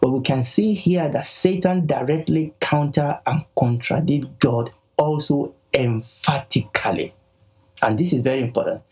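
A man's voice: fairly high pitch, unhurried, dark tone, breathy edge, poor audio. A man teaching the Bible in a broadcast, emphatic and repeating key phrases.

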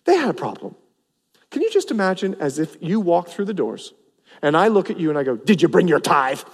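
Animated high-voiced preacher in a reverberant hall. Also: male voice, brisk. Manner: animated, acts out the people he preaches about, voice rising and dropping. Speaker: pastor. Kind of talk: sermon. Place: church sanctuary.

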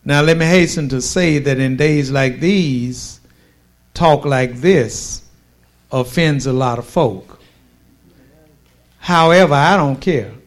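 A man preaching a sermon with a slow, drawn-out cadence, pausing for emphasis and delivering forceful declarations. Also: medium pitch.

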